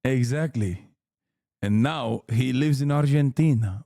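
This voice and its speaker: A man's voice: mid-range voice, measured pace, a little mellow, dry recording, studio quality. A man streaming casual commentary on a debate clip, joking and sarcastic, rambling with many fillers.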